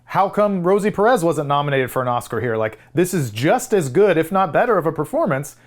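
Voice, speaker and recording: Male podcast co-host, enthusiastic and opinionated, quick to laugh, casual. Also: a little high. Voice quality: animated, laughing often. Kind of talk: casual movie review chat.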